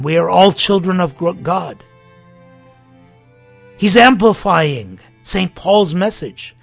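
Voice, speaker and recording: A man preaching a sermon as pastor, impassioned and full of rhetorical questions, swinging between loud appeals and hushed lines. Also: on the high side, expressive, slow, vocal fry, dry recording, faint music behind.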